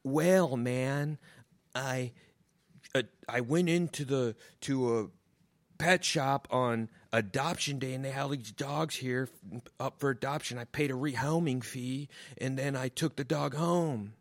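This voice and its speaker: A man voicing a smug, preachy male hippie dog owner who keeps calling people "man" in a drawn-out way. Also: mid-range voice, dry recording, close to an everyday voice. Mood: earnest. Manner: drawn-out, calls everyone "man".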